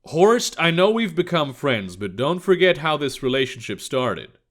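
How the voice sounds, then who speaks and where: A man's voice: on the high side, sing-song, normal speed, a bit bright. A man voicing an earnest male American intelligence agent who talks plainly and gets straight to the point. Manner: direct, earnest.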